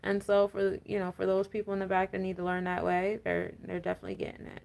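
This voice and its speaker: A woman's voice: mid-range voice, completely flat delivery, quick pace, vocal fry, darkish tone, slight background noise. A woman giving a casual, rambling astrology and tarot talk, full of fillers and laughing rants. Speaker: spiritual coach and tarot reader.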